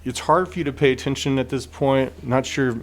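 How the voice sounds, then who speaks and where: A man narrating as game master in a relaxed way, with frequent fillers. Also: mid-range voice, brisk.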